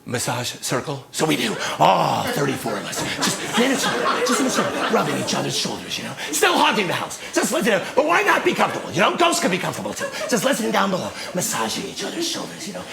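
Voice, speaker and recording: A man telling a comic story on stage, animated and shouting his punchlines. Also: on the high side, fast, vocal fry, hardly any pauses, over a noisy crowd. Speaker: solo storyteller comedian. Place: theater stage, live audience. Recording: live show with loud audience laughter.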